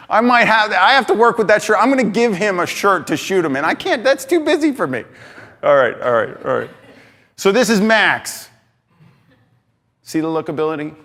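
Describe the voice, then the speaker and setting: A man giving an energetic talk on stage, emphatic and excitable, swinging between loud bursts and quieter asides. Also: high-pitched, fairly quick. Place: large hall on stage. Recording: reverberant hall.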